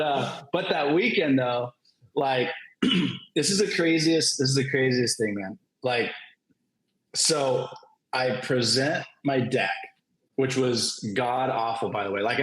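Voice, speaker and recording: A man telling a story on a panel in a casual, animated way, laughing often and filling his talk with "like". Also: medium pitch. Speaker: comic creator, panel guest. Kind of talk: casual anecdote on a virtual panel. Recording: roomy echo.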